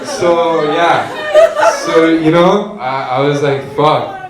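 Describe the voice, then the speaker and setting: A young man telling a profane, animated stand-up story on a comedy club stage. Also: on the high side, slow pace, distant mic, very noisy. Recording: echoey club with crowd laughter. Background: audience laughter.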